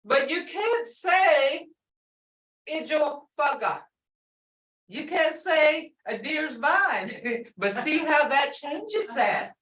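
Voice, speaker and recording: Slow-spoken woman teaching a language class. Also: high-pitched, expressive, fairly bright tone. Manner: patient, explains and repeats example words slowly. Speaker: language instructor. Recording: roomy sound from a distant mic.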